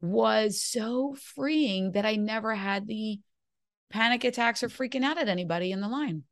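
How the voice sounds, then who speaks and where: A woman's voice: on the high side, normal speed. A woman host in casual conversation, earnestly telling a personal story.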